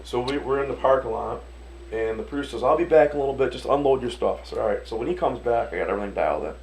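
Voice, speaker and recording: A man from Detroit, a restaurant owner and chef, telling animated stories in a casual interview, acting out the voices of the people in them and swearing casually. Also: medium pitch, rapid-fire, a little hiss or hum, poor audio. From Detroit, USA.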